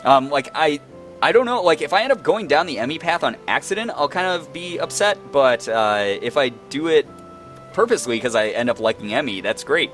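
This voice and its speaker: A young man in his twenties chats casually over a game he is playing, leaning on "like" as he goes. His voice is animated and rises and falls a lot. Soft game music runs faintly underneath. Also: a little high, fairly quick. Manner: chatty, giggly, lots of "like". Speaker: let's play gamer.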